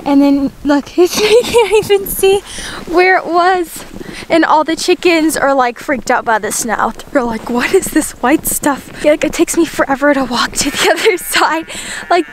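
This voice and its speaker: A woman's voice: sits high, a little slow, slight background noise. A woman vlogging outdoors in the snow on a homestead with a handheld camera, bubbly and exclamatory, laughing often. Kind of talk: casual vlog narration.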